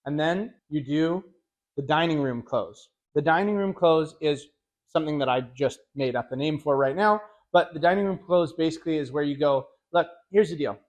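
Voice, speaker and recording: A man's voice: fairly high pitch, normal speed. A middle-aged man, a car sales trainer, giving a casual lesson and acting out dealership dialogue as he tells stories. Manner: animated storyteller, acts out sales dialogue. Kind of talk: casual instructional talk.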